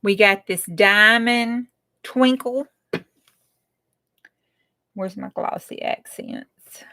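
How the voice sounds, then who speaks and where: A woman's voice: medium pitch, extremely slow, pushed and bright. A woman chatting casually while she crafts, often dropping to a whisper. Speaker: craft channel host.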